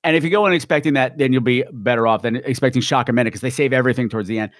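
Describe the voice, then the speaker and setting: A man's voice: mid-range voice, very fast, no room sound, studio quality. A man hosting a casual podcast chat, campy and theatrical.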